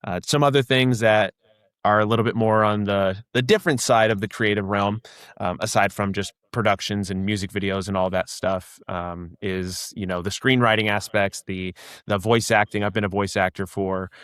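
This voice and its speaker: A young man chats loosely as a podcast guest, circling back with fillers and restarts. His voice sits low and smooth. The sound is dry and close. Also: fairly even intonation, normal speed, fairly bright tone, no room sound. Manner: rambling, many restarts and fillers. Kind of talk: casual chat.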